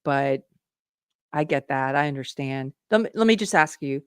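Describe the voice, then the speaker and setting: Her voice is extremely low, clear, and resonant, with lively intonation at a normal pace, as this middle-aged woman hosts a live commentary stream on politics. She reads viewer comments aloud and earnestly puts rhetorical questions to her audience, captured in a dry, studio-quality recording.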